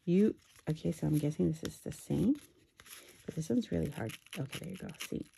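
A woman chatting excitedly while unboxing a craft swap package, with self-deprecating asides. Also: deep voice, fairly quick, gravelly, background noise. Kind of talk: casual unboxing commentary. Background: paper crinkling and clicks.

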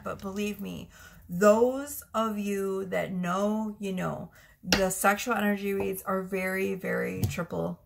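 Chatty woman tarot reader, quick to laugh, frank, faint hiss behind. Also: mid-range voice, creaky. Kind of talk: casual tarot reading to camera.

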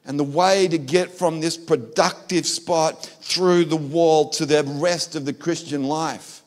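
A male pastor with an Australian accent, preaching a passionate sermon that swings between fervent lines and hushed, confessional ones. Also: fairly high pitch, steady tone, a little slow, few pauses. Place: church.

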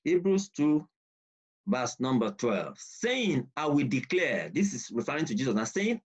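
A man teaching a bible study, emphatic and repetitive, reading scripture slowly and deliberately. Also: medium pitch, big pitch swings, slightly rough. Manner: emphatic, repeats key points, reads scripture slowly. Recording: dull lo-fi recording.

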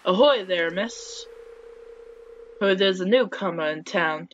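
A cheerful fisherman from a video game, read aloud by a woman, talks like an old sailor but only half commits to the voice. The delivery is slow and unhurried. The recording is dull and lo-fi, with a faint hiss underneath. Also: lowish voice. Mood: friendly. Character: friendly male fisherman with a sailor's talk.

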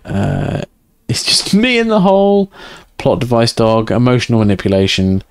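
A man's voice: mid-range voice, expressive, normal speed, creaky, smooth, no room sound, studio quality. A man chatting casually to his viewers while streaming a game, rambling, swearing and laughing often. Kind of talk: casual live-stream chat.

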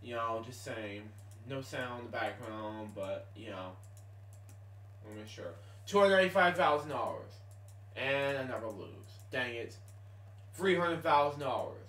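A man's voice: mid-range voice, distant mic. A man giving casual gameplay commentary at home at night, muttering with exasperated groans and keeping his voice down so others can sleep. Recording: echoey room, voice off-mic.

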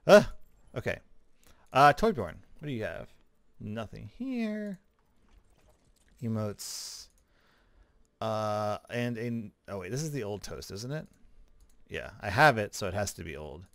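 A man giving casual, chatty commentary as a gaming video creator, relaxed, with small laughs. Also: fairly low pitch, takes it slowly, long pauses, dry recording. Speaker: gaming YouTuber. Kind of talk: casual commentary over gameplay.

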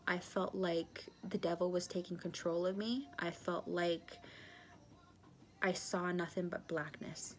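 Young woman telling her own story, blunt and profane, circles back with "I remember", low even delivery. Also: a little slow, a little hiss or hum. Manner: candid and blunt, swears freely; repetitive recollection, keeps saying "I remember". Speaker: speaker sharing her life story. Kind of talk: personal testimony.

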